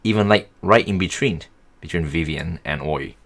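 A young man casually talking through a software tutorial, thinking aloud as he works. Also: deep voice, moderate pace. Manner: easygoing, thinking aloud while working. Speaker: tutorial host.

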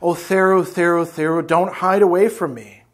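A man's voice: sits high, steady tone, moderate pace, lightly acted. A man reading aloud the lines of an anguished, protective adult woman from a novel. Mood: tender. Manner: emotional read-aloud dialogue.

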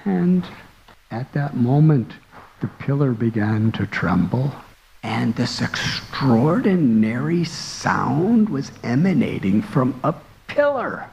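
Slow, gravelly man telling a devotional story. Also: mid-range voice, sing-song, darkish tone, rough recording. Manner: slow, earnest, dramatic storytelling. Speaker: monk and spiritual teacher.

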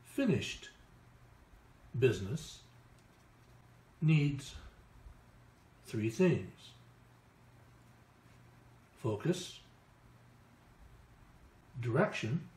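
Slow, halting man channeling messages. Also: medium pitch, sing-song, darkish tone, echoey room. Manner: halting, drawn-out words with long pauses. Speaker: channel for spirit guides.

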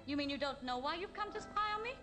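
A haughty spy. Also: female voice, high voice, animated, fast. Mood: scornful. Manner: prim, scornful. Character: haughty female Russian master spy. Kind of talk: 1960s TV comedy sketch acting. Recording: 1960s TV soundtrack with music.

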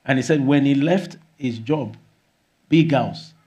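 A man preaching a sermon as pastor, often exclaiming hallelujah and rising to shouts. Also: mid-range voice, a little slow, dull audio.

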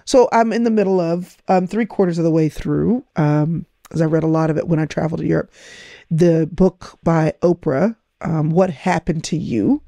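Mellow-voiced woman giving a motivational talk. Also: deep voice, normal speed, creaky, no echo. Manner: repetitive, emphatic, coaching. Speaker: podcast host.

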